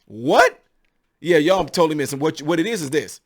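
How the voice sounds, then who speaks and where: A man's voice: on the high side, fast talker, slight background noise. A middle-aged man giving opinionated political commentary, emphatic and preachy, with lots of rhetorical questions.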